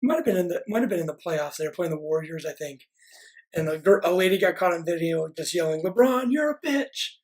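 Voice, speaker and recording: A man's voice: on the high side, quick pace, a little mellow, low-quality recording. A man co-hosting a sports podcast who rambles through anecdotes, filling gaps with "like". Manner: rambling storyteller, constant "like" filler. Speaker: podcast co-host. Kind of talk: casual sports chat, anecdote telling.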